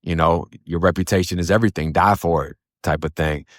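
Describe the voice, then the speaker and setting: A very deep-voiced man tells his own hard story in blunt, profane street talk. The recording is dry and close, with no room around him. He now and then quotes other people in put-on voices. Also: steady tone, a little fast, dry recording. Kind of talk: casual first-person storytelling.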